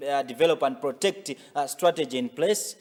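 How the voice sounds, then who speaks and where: A man's voice: on the high side, moderate pace, a little mellow, long reverb tail. A man, a business editor explaining the economy in an interview, often repeating words as he searches for them. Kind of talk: studio interview analysis.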